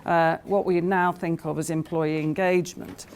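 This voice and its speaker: A woman's voice: on the low side, little pitch movement, moderate pace, a little mellow. A woman giving a conference talk, telling anecdotes with many hesitations and fillers. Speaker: conference speaker.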